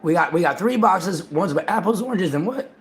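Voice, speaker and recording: A man hosting a livestream in casual chat, excitable and profane, repeating himself and talking over others. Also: sits high, fairly quick. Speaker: livestream host.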